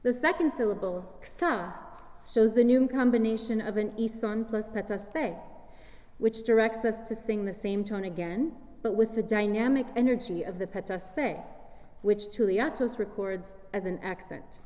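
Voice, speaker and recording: A woman explains her approach to the music in a measured, scripted lecture, her voice mellow and dark. She speaks in a large hall whose long reverb trails after every phrase. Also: medium pitch. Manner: measured, explanatory, sings short chant fragments. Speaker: singer and presenter. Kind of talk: scripted lecture-recital talk.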